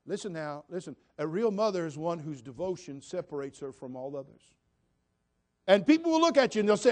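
A man's voice: on the high side, sing-song, brisk. A man preaching a sermon as pastor, emphatic and repetitive, putting direct questions to the congregation.

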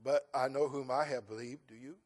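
A middle-aged male pastor preaching a sermon, moving from folksy storytelling to loud, emphatic preaching. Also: medium pitch, fairly even intonation, fairly quick.

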